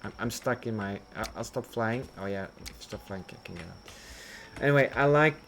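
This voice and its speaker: A man's voice: lowish voice, normal speed, creaky, fairly bright tone, a little hiss or hum. A man streaming a building game, rambling and questioning himself as he thinks aloud. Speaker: gameplay streamer. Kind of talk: casual gameplay commentary.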